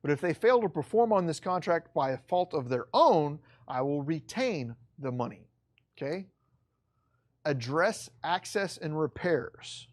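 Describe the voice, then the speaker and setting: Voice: mid-range voice, expressive, measured pace. Emphatic, blunt course instructor. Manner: emphatic, repeats key points, blunt and casual. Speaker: real estate instructor. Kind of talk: online course lecture.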